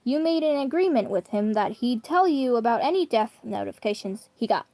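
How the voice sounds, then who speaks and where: A woman's voice: on the high side, expressive, a little fast, warm tone, no room sound, natural voice. A woman voicing a polite, slightly robotic talking tablet assistant in a story she reads aloud. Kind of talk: storybook reading.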